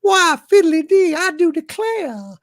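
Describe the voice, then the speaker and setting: A man voicing a prissy, swooning Southern belle in a high fluttery falsetto drawl, camp and genteel. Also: sing-song, slow, no room sound, studio quality, full character voice. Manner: prissy, genteel, faint with the vapors.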